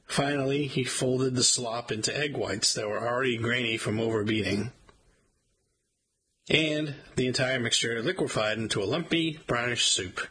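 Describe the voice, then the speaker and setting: Husky bright-voiced male memoir narrator. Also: mid-range voice, poor audio. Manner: wry, measured storytelling. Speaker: audiobook narrator. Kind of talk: first-person memoir reading.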